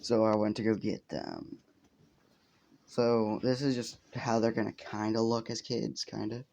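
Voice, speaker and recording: A man's voice: fairly low pitch, a little slow, gravelly, darkish tone, slight background noise. A man casually telling a fan story, rambling with lots of fillers and swearing.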